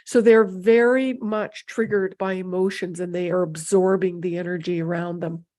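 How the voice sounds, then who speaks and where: A woman's voice: on the low side, steady tone, normal speed, warm tone. A middle-aged woman giving an unscripted talk as an intuition teacher, wandering between thoughts with frequent fillers and restarts. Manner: meandering, restarts with many fillers.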